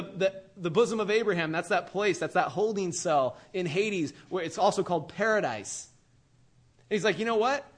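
A male preacher giving a casual, slangy sermon, animated and acting out characters as he goes. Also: high voice.

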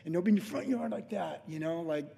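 A man's voice: fairly high pitch, quick pace, gravelly, dark tone, long reverb tail. A man in his late fifties, a pastor telling a rambling, conversational story in a casual sermon, full of restarts and asides. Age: late 50s.

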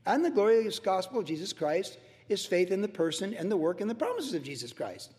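A man's voice: high voice, sing-song, fairly quick, a little mellow, big-room sound. A male pastor teaching a verse-by-verse sermon in a loose, conversational way, repeating himself for emphasis. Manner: conversational, repetitive, acts out worried voices.

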